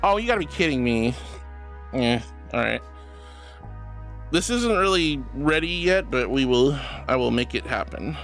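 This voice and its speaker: A man's voice: mid-range voice, animated, measured pace, long pauses, a bit bright, faint music behind. A man streaming live, reading viewer messages aloud and calling them sweetie and honey.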